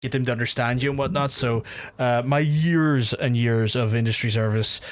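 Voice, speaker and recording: A man from Northern Ireland with a softened Belfast accent, chatting casually and swearing freely through his own game stream, restarting his sentences often. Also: mid-range voice, steady tone, normal speed. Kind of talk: casual gameplay commentary.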